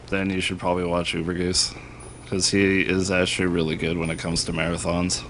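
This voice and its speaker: A man's voice: low voice, a little hiss or hum. A man commentating his own live speedrun, self-deprecating and laughing often.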